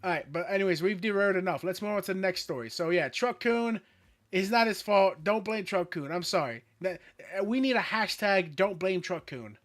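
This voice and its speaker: High-voiced man telling a story. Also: fairly quick, no room sound, studio quality. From Florida, USA. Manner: animated storyteller, swears freely. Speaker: co-host. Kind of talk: casual podcast chat.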